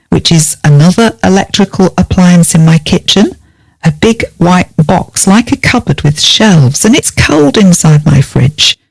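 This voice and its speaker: A woman teaching vocabulary in a lesson, speaking clearly and spelling words out letter by letter. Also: on the low side, no echo. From United Kingdom. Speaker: English teacher.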